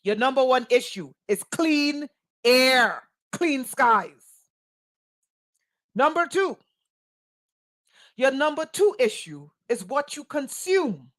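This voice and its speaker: Casting: woman, spiritual teacher, slightly high voice, deliberate pace, emphatic and sarcastic. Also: expressive, a bit bright. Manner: emphatic, rhetorical questions, sarcastic asides. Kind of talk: impassioned spoken monologue.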